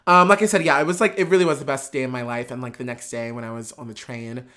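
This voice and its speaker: A man guest on a chat show, telling a casual story in an excitable, gushing way with many fillers. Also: mid-range voice, fast. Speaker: podcast guest, drag performer.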